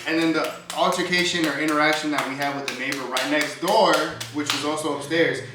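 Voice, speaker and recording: A man's voice: on the high side, a little fast, recorded from a distance, noisy background. A young man casually telling a story on a vlog, acting out what people said, with slangy speech. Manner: animated storyteller, acts out quotes, slangy. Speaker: vlogger. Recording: echoey room, voice off-mic, music behind.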